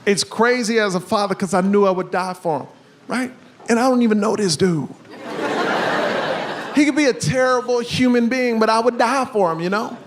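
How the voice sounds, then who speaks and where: A man performing a stand-up comedy set on stage, telling stories with sudden shouted punchlines. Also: high-pitched, moderate pace, background noise. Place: comedy stage before a live audience.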